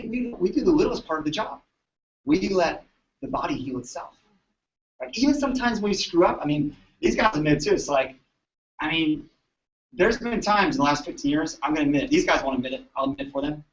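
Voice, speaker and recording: A man, a chiropractor, telling patient stories to colleagues in an animated, chatty way, often asking "right?". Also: on the high side, fairly quick. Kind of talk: storytelling talk to an audience. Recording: echoey room, distant dull mic.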